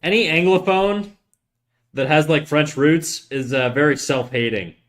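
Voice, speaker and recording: A man's voice: on the high side, a little slow. Rambling, joking Canadian man. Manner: rambling, profane, joking storyteller. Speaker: streamer. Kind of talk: casual chat while drawing.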